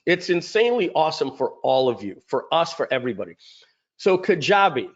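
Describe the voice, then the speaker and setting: A man's voice: mid-range voice, big pitch swings, quick pace, highs cut off. A man casually presenting his company's story in a rambling way, with many fillers and restarts. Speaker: company founder presenting a webinar. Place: home.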